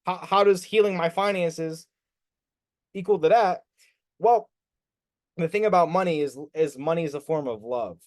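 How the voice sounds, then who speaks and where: Male spiritual coach, high and lively voice; loose group-class delivery, drops swear words, keeps checking in with "right?". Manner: swears casually, acts out students' inner voices; animated, rhetorical "right?" checks.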